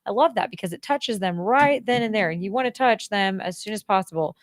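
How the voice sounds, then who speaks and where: Woman radio host, jokey and chatty, medium pitch, dry close studio sound. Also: expressive, a little fast, dry recording. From United States. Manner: jokey, chatty, laughs at herself. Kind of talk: casual radio talk.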